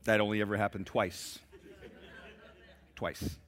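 A middle-aged man preaching a sermon in church, emphatic and repetitive, building to shouts. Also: on the low side, little pitch movement, a little slow. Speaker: pastor. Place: church sanctuary, live service.

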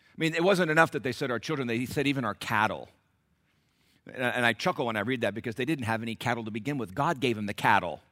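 A middle-aged male pastor preaching a sermon, dropping low and confiding, then rising to loud exclamations as he acts out the people in the text. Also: fast.

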